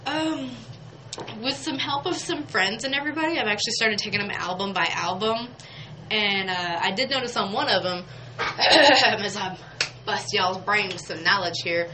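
A woman with a mid-range voice hosts a local radio show from a studio, speaking at a normal speed with background noise behind her. Her on-air chat is casual and chatty, full of frequent laughter and the word "y'all."

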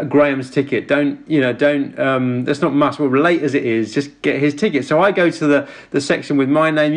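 A man sending a casual voice message, telling a funny story in an animated way and breaking into laughter. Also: a little high. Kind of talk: casual anecdote.

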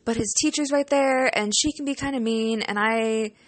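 This young adult woman, a student teaching partner, chats through a casual storytime vlog with plenty of feeling, filler words like "like" and "you know," and offhand cursing. She speaks a little high at a moderate pace, in a dry recording.

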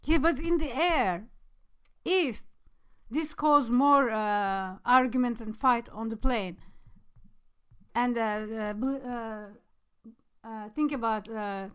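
Smooth-voiced woman chatting haltingly. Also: a little high, fairly bright tone. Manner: halting, many fillers and restarts. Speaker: podcast co-host. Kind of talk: casual chat.

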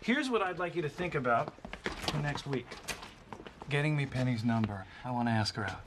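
A man speaks in a smooth, self-assured, oddly formal way. His pitch sits in the middle of the range for a man. Faint background noise hangs under his voice. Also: expressive, moderate pace. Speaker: therapist. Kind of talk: sitcom acting.

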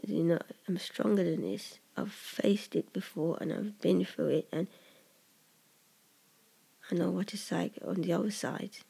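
A poet talking earnestly about their own poem in a personal, reflective monologue, halting and often dropping into whispers. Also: medium pitch, fairly even intonation, creaky, dark tone, husky.

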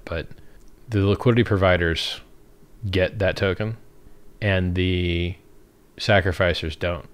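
Man, deep voice, livestream host, casual and rambling, chuckles between answers. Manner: rambling, off-the-cuff, laughs at own remarks.

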